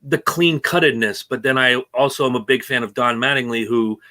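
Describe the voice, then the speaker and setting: A man co-hosting a casual racing podcast, opinionated and animated as he rants about rule changes. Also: medium pitch, a little fast. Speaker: co-host. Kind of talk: casual sports talk.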